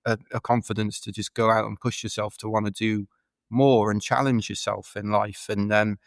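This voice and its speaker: A man's voice: fairly low pitch, little pitch movement, normal speed, dry recording. A man from the United Kingdom, a podcast guest, telling rambling, chatty stories full of fillers in a casual interview. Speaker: podcast guest, ultra runner.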